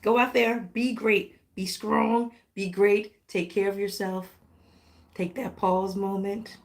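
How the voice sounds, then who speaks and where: A woman hosting a live tarot reading, talking warmly and directly to her viewers with pet names and playful exclamations. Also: mid-range voice, slow. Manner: affectionate, animated, talks directly to viewers. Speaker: tarot reader.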